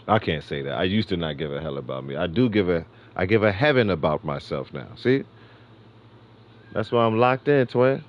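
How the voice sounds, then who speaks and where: A man's voice: sits low, animated, moderate pace, lo-fi sound. A middle-aged man from New York City hosting a gaming livestream, rambling in slangy casual chat and laughing often. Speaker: livestream host.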